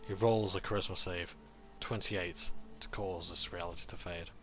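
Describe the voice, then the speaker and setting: A man's voice: low voice, fairly even intonation, moderate pace, a bit bright, faint music behind. A man recapping a tabletop game session as game master, narrating events and dice rolls.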